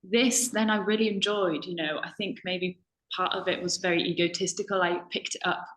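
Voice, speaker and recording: A woman's voice: lowish voice, fairly even intonation, a little fast, fairly bright tone, echoey room, poor audio. A young woman from the United Kingdom, a language assistant, chatting casually on a video call with many ums and self-corrections. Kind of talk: casual webinar chat.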